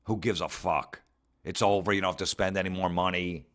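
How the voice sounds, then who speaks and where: A man with a low voice rants in a profane, mocking comedy bit. He is sarcastic and blunt, sometimes picking up speed as he piles on the ridicule. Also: fairly even intonation, fairly quick, a bit bright. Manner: sarcastic, mocking, swears heavily, mimics people in put-on voices. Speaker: comedy podcast host. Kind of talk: profane ranting comedy commentary.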